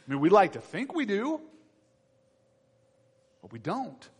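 A man preaching a sermon to his church, animated and acting out the voices of everyday people. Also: high-pitched, measured pace, long pauses, husky. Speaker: pastor. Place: church sanctuary. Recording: long reverb in a church hall.

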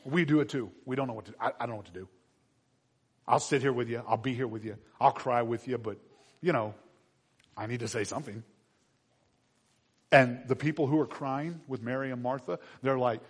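A man preaching a conversational sermon and reading scripture aloud, dropping to quiet asides and then rising to loud, emphatic bursts. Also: mid-range voice, moderate pace, pauses often, slightly rough. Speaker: pastor.

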